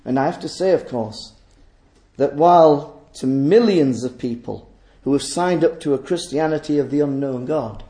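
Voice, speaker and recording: Male preacher, emphatic sermon delivery, high mellow voice. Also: normal speed, roomy sound. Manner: emphatic, rhetorical questions.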